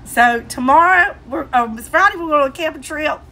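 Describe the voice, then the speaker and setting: A woman's voice: high voice, lively intonation, fairly quick, pushed and bright, slight background noise. A woman with a Southern US accent telling a funny story to her viewers in a casual chat. She keeps fighting back her laughter. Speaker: vlogger.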